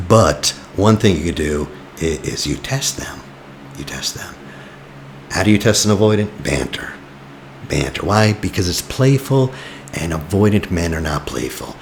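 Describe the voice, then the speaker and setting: A man with an extremely low, gravelly voice gives relationship advice in a loose, conversational way. He is blunt and a little teasing, peppering his points with "you know". A faint hiss sits under the voice. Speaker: attachment coach. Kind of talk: casual advice talk.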